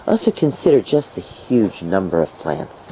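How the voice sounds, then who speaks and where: A middle-aged woman, an herbalist guest, tells stories with a mellow, warm tone and a pitch that swings widely. She slips into playful acted voices and laughs. The sound is dull and lo-fi, with a faint hiss underneath. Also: moderate pace. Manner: lively storyteller, acts out voices and laughs. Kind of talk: storytelling interview answers.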